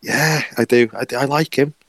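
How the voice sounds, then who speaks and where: A man's voice: mid-range voice, fairly even intonation, moderate pace, no echo. A man co-hosting a podcast in casual chat, laughing often and correcting himself mid-sentence. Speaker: podcast co-host.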